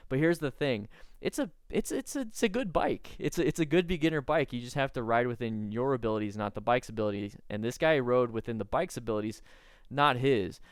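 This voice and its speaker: Smooth-voiced man coaching riders. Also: mid-range voice, no room sound, studio quality. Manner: earnest, instructive, stifling laughter. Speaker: motorcycle riding coach. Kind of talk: casual video commentary.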